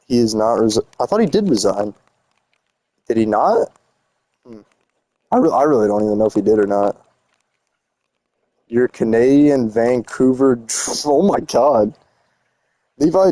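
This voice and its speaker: A man's voice: medium pitch, mellow, no room sound. A young man streaming a game, chatting casually and teasing his chat in slangy, rambling talk while he builds.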